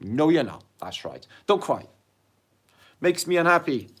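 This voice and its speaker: A British man hosts a casual livestream, talking straight to his viewers as he reads their comments. His voice is lively, rising and falling a lot. He chats in a jokey, sweary way and swings between loud and hushed. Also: a little high, unhurried, husky. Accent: British English. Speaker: livestream host.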